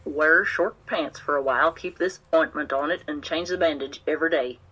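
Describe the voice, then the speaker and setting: A brisk, fatherly old country doctor, as a woman narrator reads him speaks in a low, bright Oklahoma accent. He gives his instructions in an audiobook read. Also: husky, dull audio, heavily acted. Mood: brisk, kindly. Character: Doc McCauley, an older small-town male doctor.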